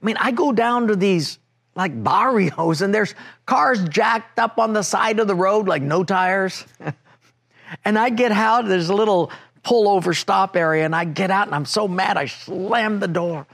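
A middle-aged man preaching a sermon, telling a personal story and acting out an argument in a raised, animated voice. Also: sits high, a little slow, vocal fry. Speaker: pastor.

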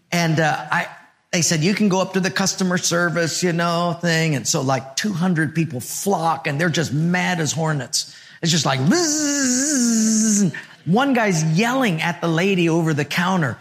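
A male pastor preaching a sermon and telling a personal story, animated, dropping to a hushed murmur for his inner thoughts. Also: on the high side.

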